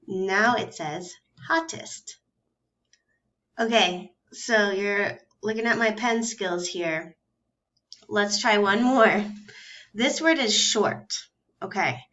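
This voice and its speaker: Patient woman teacher, slow clear speech. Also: mid-range voice, a bit bright, muffled recording. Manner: slow, clear, patient, sounds out letters one by one. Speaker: first grade teacher. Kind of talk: recorded phonics and grammar lesson for young children.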